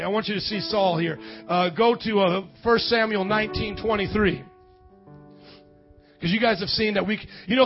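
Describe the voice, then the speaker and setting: A man preaching a lively charismatic sermon, with loud excited bursts and quiet musing asides. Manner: excitable, loud outbursts, then drops low to muse. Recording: dull lo-fi church recording with faint music.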